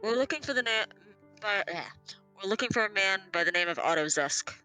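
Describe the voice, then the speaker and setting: A woman player speaking in character, hesitant and halting. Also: medium pitch, animated, sharp tone, soft background music, low-quality recording. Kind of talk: speaking in character at a tabletop game.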